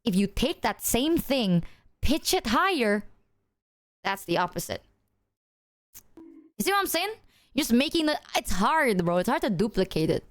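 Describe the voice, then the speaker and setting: A woman's voice: on the high side, big pitch swings, moderate pace, no echo, studio quality. A woman streamer chatting casually with her viewers in a loose, rambling way, full of filler words and swearing.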